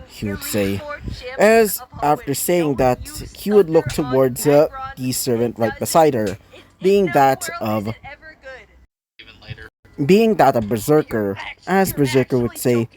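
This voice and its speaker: A man's voice: on the high side, big pitch swings, slow pace, darkish tone. Rambling man telling a fan story. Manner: rambling, many fillers and restarts. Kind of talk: improvised fan story narration.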